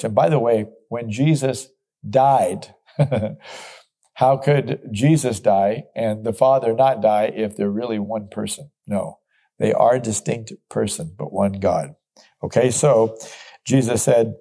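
A man's voice: fairly low pitch, mellow. A middle-aged man teaching from the Bible as a pastor, earnest and emphatic, reading verses aloud and explaining them.

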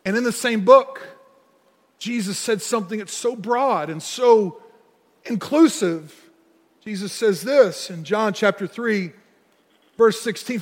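A man preaching a sermon as pastor, telling stories and slowing to press hard on key words. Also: high-pitched. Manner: storytelling, slows and pushes hard on key words. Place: church sanctuary. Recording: long hall reverb with soft music.

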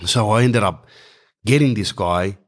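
Middle-aged aussie bloke telling a funny story, slangy and animated, chatting right to the crowd. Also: male voice, lowish voice, measured pace. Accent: Australian. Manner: animated, casual slang, addresses audience directly. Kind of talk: stand-up storytelling.

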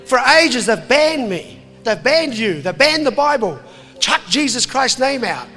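A man preaching to a crowd, animated and jokey, slipping into voices. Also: very high-pitched, unhurried, in a large hall, faint music behind. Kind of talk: impassioned sermon to a crowd.

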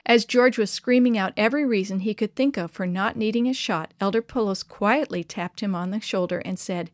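Woman reading a kids' bible story, expressive, dry close mic. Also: mid-range voice, brisk, few pauses, no room sound.

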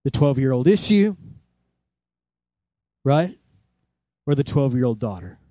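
A man preaching a sermon in a church, animated, acting out voices and sounds as he tells the story. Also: medium pitch, measured pace, dry recording, studio quality. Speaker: pastor.

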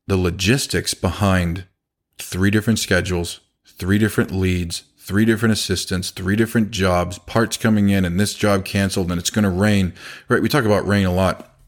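A man, a business owner telling stories in casual talk and acting out the dialogue he quotes. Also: low voice. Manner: conversational, acts out quoted dialogue.

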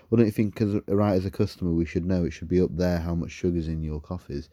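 A man's voice: a bass voice, fairly even intonation, quick pace, dark tone, dry recording. A man, co-hosting a podcast and frankly telling stories about customers, with plenty of swearing. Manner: frank, profane storytelling. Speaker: podcast co-host. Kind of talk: casual chat.

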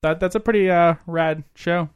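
A man's voice: a little high, fairly even intonation, moderate pace, smooth, dull audio. A man hosting a podcast in casual chat, loose and laughing often, swearing freely. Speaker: podcast host.

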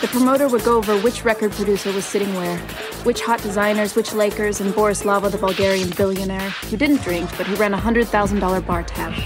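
An actress narrating a film as a young woman telling her own story, in a brisk, matter-of-fact voice-over. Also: medium pitch, steady tone, close to an everyday voice. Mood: wry. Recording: film clip with music behind.

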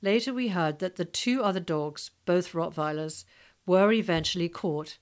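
A woman narrating a memoir-style story in a steady, storytelling manner. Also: on the low side, normal speed. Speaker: audiobook narrator. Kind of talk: scripted narration.

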